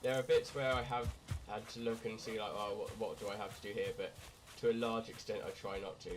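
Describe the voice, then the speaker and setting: A young man from Britain, hoarse and croaky from a night of drinking, rambling crudely through casual gameplay commentary. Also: lowish voice, steady tone, fairly quick, music in the background. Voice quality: raspy, croaky. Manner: rambling, crude, self-mocking. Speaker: gamer. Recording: loud background noise.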